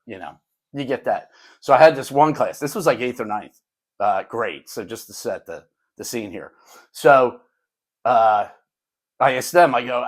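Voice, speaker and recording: Older male co-host, retired teacher, casual storyteller who acts out voices; everyday mid pitch. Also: normal speed. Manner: animated anecdote telling, acting out kids' lines.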